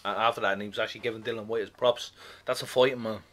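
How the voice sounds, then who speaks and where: A man co-hosting a podcast in casual chat, animated and swearing, often asking "you know what I mean". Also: fairly low pitch, rapid-fire. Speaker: podcast co-host.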